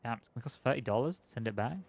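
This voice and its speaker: A man's voice: mid-range voice, racing, vocal fry. A man streaming a game, chatting in a rambling, joking, self-mocking way. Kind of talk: casual gameplay commentary.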